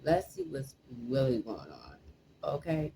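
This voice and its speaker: A woman talks over a video she is watching, reacting with exasperation and disbelief and often repeating her words. Her voice sits low and she speaks slowly. A faint hiss runs under the recording. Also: very animated, creaky, dark tone, low-quality recording. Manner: exasperated, incredulous, repeats herself. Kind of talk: casual commentary reacting to a video.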